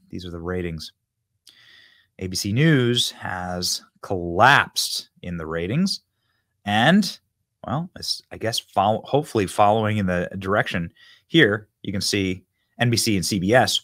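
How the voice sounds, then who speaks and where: Lively, mocking political commentator man. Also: lowish voice, no room sound, clean studio sound. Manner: mocking, emphatic, swings loud to quiet. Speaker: show host.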